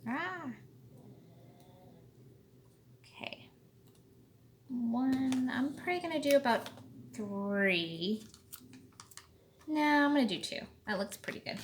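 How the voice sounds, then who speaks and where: Here a woman leads a casual card-making tutorial, speaking slowly and chattily and thinking aloud as she crafts. Her voice sits high and sounds animated, with slight background noise.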